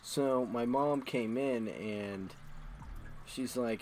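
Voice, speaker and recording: Low-voiced man telling crude stories. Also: a little slow, a little mellow, slight background noise, low-quality recording. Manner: crude, self-mocking and rambling. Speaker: streamer. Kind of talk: casual storytelling while gaming.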